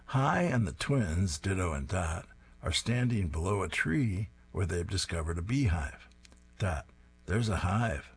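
A man describing comic strips panel by panel and reading them aloud in a steady, descriptive way with dry amusement. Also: low-pitched, unhurried, slightly rough, soft background music. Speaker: comics reader.

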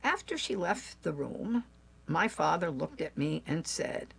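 An older woman tells a family story in a slow, unhurried storytelling voice. Her tone is gravelly and husky, a little low for a woman, with gentle pauses between her phrases. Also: expressive. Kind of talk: personal story told aloud.

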